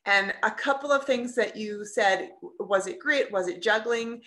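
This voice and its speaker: Bright-voiced woman coaching over a video call. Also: medium pitch, measured pace. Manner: earnest, expressive storytelling with questions to the group. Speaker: leadership coach. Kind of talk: live online workshop talk.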